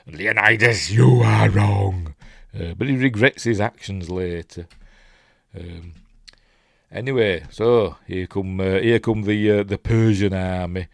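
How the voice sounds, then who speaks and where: A movie reviewer from Yorkshire talks through a film scene by scene in a casual, rambling way, often breaking off to find his place and doing put-on voices when he quotes lines. His voice is low and darkish in tone, a little slow, with clean studio sound and no room echo.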